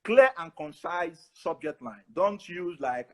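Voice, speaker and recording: A Nigerian man with a Nigerian accent, a professor giving animated advice as a guest on a webinar over a video call. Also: on the high side, slow. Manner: animated, advising.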